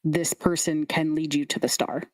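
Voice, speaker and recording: A woman's voice: deep voice, fairly even intonation, normal speed, no echo. A woman game master casually narrating a tabletop game, with laughing asides.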